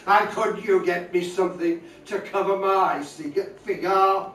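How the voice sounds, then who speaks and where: Older man, high-voiced, music hall singer and joke teller, recorded far off in an echoey room. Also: unhurried, a bit bright. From North East England. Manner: sings comic choruses, rattles through a dialect joke. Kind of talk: singing music hall songs and telling a comic story.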